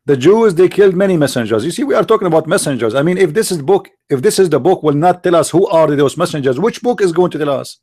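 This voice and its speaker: Slightly high, dark, and a bit rough, the man's voice races along animatedly with hardly any pauses. Hosting a live stream and debating callers, he mocks opponents into his computer mic with sarcastic, taunting rhetorical questions in a polemic monologue.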